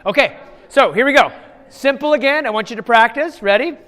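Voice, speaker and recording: High-voiced man teaching kids in echoey hall. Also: fairly bright tone. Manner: asks quick questions of kids. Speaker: children's ministry teacher. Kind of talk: Bible story review with children. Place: church children's room. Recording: long hall reverb.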